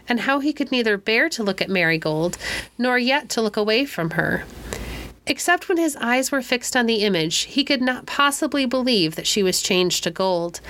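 A woman's voice: medium pitch, a bit bright. Woman reading a classic storybook aloud. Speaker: audiobook narrator. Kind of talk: storybook narration.

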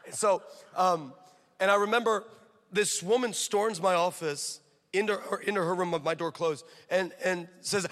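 A male pastor preaches with a high, bright, ringing voice and lively storytelling. He swings from loud declarations to hushed asides, and the sound carries a long hall echo. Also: normal speed. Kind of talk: sermon.

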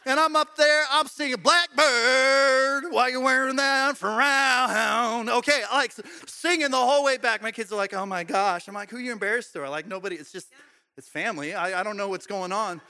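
High, bright-voiced middle-aged pastor preaching. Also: male voice, fast talker, smooth. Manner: swings from loud shouted exhortation to quiet, intimate talk; conversational and joking, with playful asides. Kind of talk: sermon. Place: church sanctuary with congregation.

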